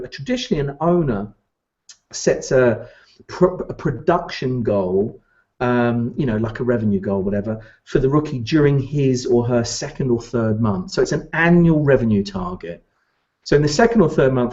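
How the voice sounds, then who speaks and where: A man's voice: medium pitch, a little mellow, dull audio. A man giving a motivational training talk to recruitment business owners, emphatic and repeating his key points.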